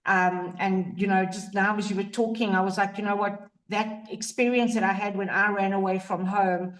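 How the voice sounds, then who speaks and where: A woman's voice: mid-range voice, steady tone, moderate pace, far from the mic, rough recording. Woman in her fifties, slightly off-mic. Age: 50s. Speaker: host. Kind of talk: faith interview.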